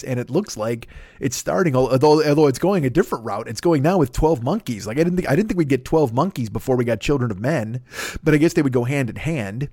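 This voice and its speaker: A man's voice: medium pitch, darkish tone, no room sound, studio quality. Rambling, profane comedian man. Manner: profane, self-deprecating, jumps between tangents and mock voices. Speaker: comedian podcast host.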